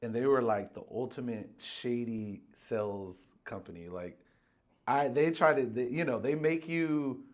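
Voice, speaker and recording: A man's voice: mid-range voice, a little slow. A man guest casually telling a story on a podcast, acting out quotes and swearing freely.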